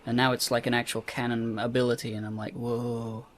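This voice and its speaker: A soft-spoken young man co-hosting a casual fan podcast. His voice sits at a middle pitch, and he wanders loosely through his thoughts. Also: flat delivery, fast, crowd noise. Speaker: podcast co-host. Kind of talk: casual chat.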